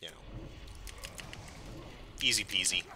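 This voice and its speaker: A man casually commenting on his gameplay, excitable and profane, rambling between curses. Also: low-pitched, slow pace, noisy background. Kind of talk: casual let's-play commentary.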